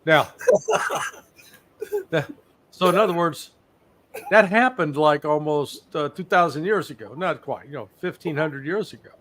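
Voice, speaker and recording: A man's voice: a little high, measured pace, long pauses. Blunt, sarcastic older man commentator. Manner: blunt, sarcastic, animated storyteller. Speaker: guest analyst. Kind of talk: live interview commentary.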